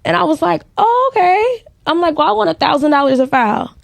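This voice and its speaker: A woman's voice: sits high, quick pace, gravelly, no echo, studio quality. A woman tells a story in casual podcast talk, acting out the lines of other people. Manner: animated, acts out quoted dialogue. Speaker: guest, credit repair business owner.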